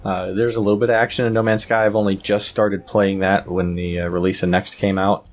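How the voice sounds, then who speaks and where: A man co-hosting a gaming podcast, laid-back and a bit halting as he runs through new releases. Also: low voice, little pitch movement. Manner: laid-back, hesitant with fillers. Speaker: podcast co-host. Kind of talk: casual chat.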